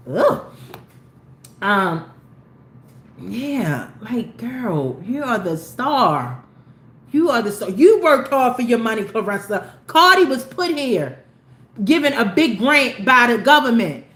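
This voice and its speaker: A woman hosting a casual celebrity gossip commentary, animated and opinionated, with slangy talk that swings between low asides and loud exclamations. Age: older. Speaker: commentary host. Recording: echoey room with faint ambient noise.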